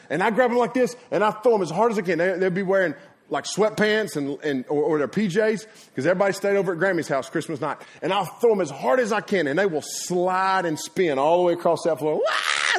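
A middle-aged man preaching a sermon, folksy and animated, laughing at his own stories and acting out sounds. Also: high-pitched. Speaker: pastor. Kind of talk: energetic sermon storytelling. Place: church before a congregation.

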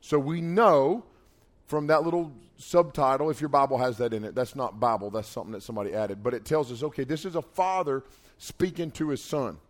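A man's voice: medium pitch, brisk. A man in his forties preaching to young people in a casual, emphatic way. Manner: casual, emphatic, builds to loud urging. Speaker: pastor.

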